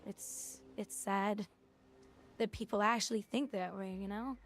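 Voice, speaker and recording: A woman's voice: medium pitch, steady tone, a little slow, slight background noise. A young woman streamer chatting casually on a livestream, blunt and opinionated, rambling from one thought to the next.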